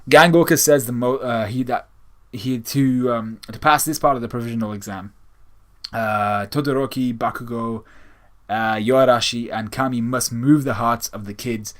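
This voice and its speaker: A man giving a casual spoken manga chapter review, animated, acting out quotes with slang and laughs, with many restarts. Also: mid-range voice, normal speed. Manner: frequent restarts and swearing.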